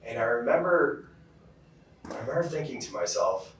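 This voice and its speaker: A man's voice: mid-range voice, lively intonation, moderate pace, a little hiss or hum. A man from California giving a motivational keynote talk, telling stories in a casual way with lots of fillers. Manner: casual storytelling with many fillers. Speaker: keynote speaker. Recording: very echoey hall, heard from far off.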